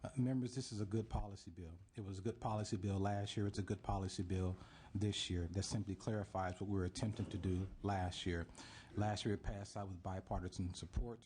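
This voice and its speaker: A man testifying before a legislative committee as an advocate, measured and repeating key points for emphasis. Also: low voice, fairly even intonation, a little mellow. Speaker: forestry association advocate testifying.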